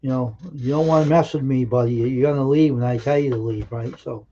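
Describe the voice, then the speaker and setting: A man with a dark, mellow voice tells stories on a live stream, earnest and emphatic, often pausing and restarting his sentences. The audio is dull and lo-fi. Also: medium pitch, fairly even intonation, a little hiss or hum. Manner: earnest, emphatic anecdote-telling with halting restarts. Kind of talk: casual storytelling on a live stream.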